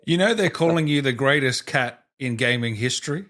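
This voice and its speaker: A man's voice: mid-range voice, animated, a little fast, a bit bright. A man with a mid-range voice hosts a casual podcast interview. He asks his questions in a friendly and curious way. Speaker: podcast host.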